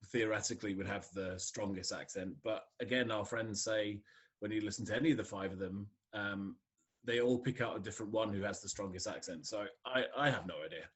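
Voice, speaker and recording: A middle-aged Scottish man with a neutral English accent chats casually as a podcast guest. His voice is fairly low and a little fast, and he laughs often and leans on lots of fillers.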